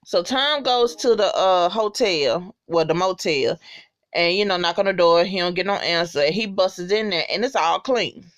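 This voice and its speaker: A woman casually recapping a TV episode, swearing freely and reacting with loud disgust. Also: fairly low pitch, normal speed. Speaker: TV recap vlogger.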